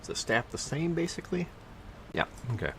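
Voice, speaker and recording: A man's voice: fairly high pitch, big pitch swings, brisk, gravelly, fairly bright tone, a little hiss or hum. A man streaming a video game, chatting casually with viewers, reading out loot and skill text and teasing his chat. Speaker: livestreamer. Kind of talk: casual gameplay commentary.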